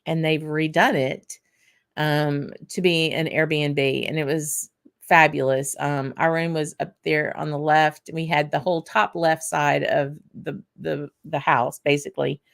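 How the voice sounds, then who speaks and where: Woman, whisky host, casual livestream chat, answers viewers by name, lowish voice. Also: fairly even intonation, unhurried, creaky. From Louisiana. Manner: chatty, answers viewers by name while tasting.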